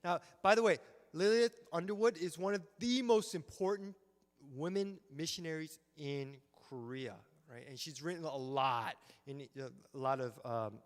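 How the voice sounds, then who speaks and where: A man giving an animated history lecture at a symposium, telling the story with acted-out quotes and frequent check-ins with the audience. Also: a little high, normal speed. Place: church hall. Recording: long reverb of a church hall.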